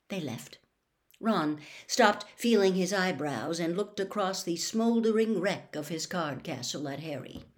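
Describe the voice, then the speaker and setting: A woman narrating a children's fantasy novel aloud in an expressive reading style. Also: medium pitch, unhurried. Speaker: audiobook reader. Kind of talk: storybook narration.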